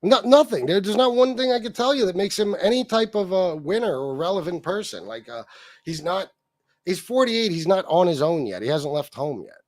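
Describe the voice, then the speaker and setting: A man's voice: high-pitched, animated, normal speed, a little mellow, no room sound, clean studio sound. A man hosting a casual livestream, reading chat comments aloud and mocking someone with heavy profanity. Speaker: livestream host.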